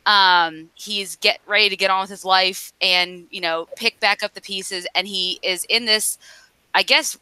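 Bright, clear-voiced woman chatting casually. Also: mid-range voice, steady tone, a little slow, no echo, rough recording. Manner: chatty, rambling recap with fillers. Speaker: podcast co-host. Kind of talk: casual comic book discussion.

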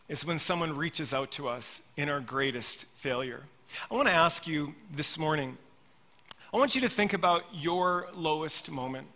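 A middle-aged man preaching a sermon in a church, his voice high and bright as he tells a story earnestly. He calls his listeners friends, and the sound rings with the long reverb of a large hall. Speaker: pastor.

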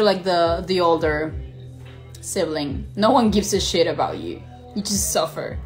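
A young woman live-streaming, casually chatting and swearing as she answers viewer questions, switching between Spanish and English. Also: medium pitch.

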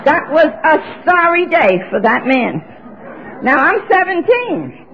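A woman in her seventies from New York, telling her story as a speaker at a recovery meeting in an auditorium, with lively exclamations. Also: high-pitched, slow, a faint crowd. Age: 70s. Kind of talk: recovery talk to an audience. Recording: dull lo-fi recording.

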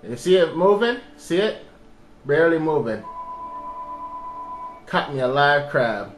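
A young man vlogging casually from his kitchen sink, excitable and profane, talking to his dog and the camera. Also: fairly high pitch, a little slow, soft background music. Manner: excitable, profane, talks to a pet. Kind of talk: casual handheld vlog.

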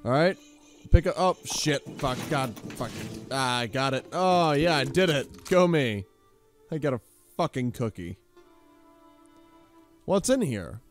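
A man hosting a profane let's play commentary, sarcastic and swearing constantly, bursting into yells. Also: medium pitch, animated, a little slow, pauses often, faint music behind. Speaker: gaming channel host.

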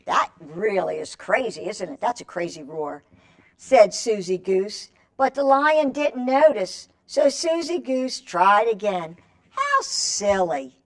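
A woman's voice: mid-range voice, big pitch swings, slow pace. A woman reading a picture book aloud to children, coaxing them to join in with stretches and animal calls. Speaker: children's storyteller.

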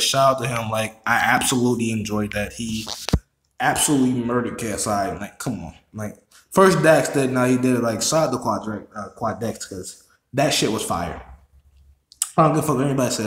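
A man rattles off his reaction commentary at a fast clip, excitable and full of swearing, often repeating his words. His voice sits at a middle pitch and carries a roomy echo from the space he records in. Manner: excitable, profanity-heavy, repeats himself. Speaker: YouTube reaction host.

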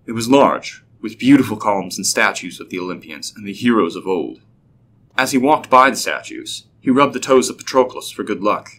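A man narrating a scripted story in a steady, even way. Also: fairly low pitch, normal speed, a little hiss or hum.

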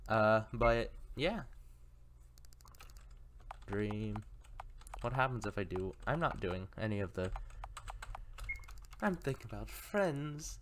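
Slow, musing male let's player. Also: lowish voice, lively intonation, a bit bright, a little hiss or hum. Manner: slow, musing, occasional stammers. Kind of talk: casual let's play commentary, reading game text aloud.

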